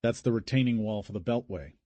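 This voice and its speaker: A man's voice: on the low side, fairly quick, warm tone, dry recording, close to an everyday voice. A man voicing a weary, rattled older brother who is a cop, in an audiobook. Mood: exasperated. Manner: exasperated, curt.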